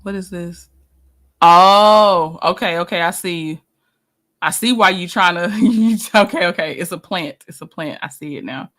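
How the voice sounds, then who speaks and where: A woman hosting a casual live stream, chatting with viewers and answering their comments, animated and quick to laugh. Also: on the low side. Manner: chatty and animated, laughs often, restarts sentences.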